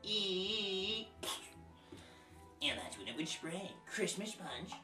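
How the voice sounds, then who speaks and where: A woman with a low, sing-song voice at a normal speed hosts a homemade comedy show, rambling crudely and erratically in a put-on posh accent. Her improvised monologue is recorded in an echoey room, far from the mic, with loud music behind her.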